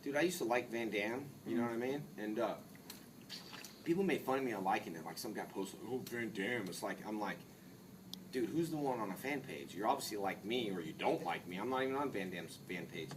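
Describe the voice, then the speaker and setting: A fairly low-voiced man in his forties spins loose, joking stories at a convention panel, leaning on "like" and "dude". He sounds a little far from the microphone. A noisy hall hums under him. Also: expressive, fairly quick. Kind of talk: casual storytelling Q&A.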